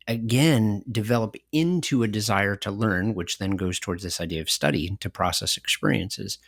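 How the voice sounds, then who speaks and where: Low-voiced man, animated podcast storyteller. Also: no echo, studio quality. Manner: animated storyteller, laughs often. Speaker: podcast co-host. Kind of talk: conversational podcast discussion.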